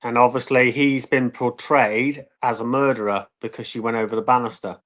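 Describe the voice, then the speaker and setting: A British man on a casual talk show, his voice at an ordinary middle pitch. He tells his stories in an animated, eager way. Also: normal speed. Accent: British English. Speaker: guest. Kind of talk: casual chat.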